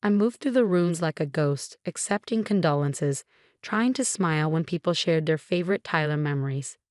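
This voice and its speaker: A young woman narrating a first-person story in a calm, measured way. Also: low-pitched, no echo, clean studio sound. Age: young adult.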